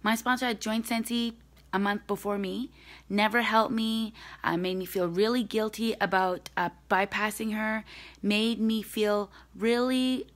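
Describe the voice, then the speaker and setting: A young woman speaks to her team live over a phone or webcam from home. She is blunt and direct, and she pushes her listeners to stop making excuses. Her voice sits at an ordinary middle pitch. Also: steady tone, unhurried. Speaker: direct sales team leader.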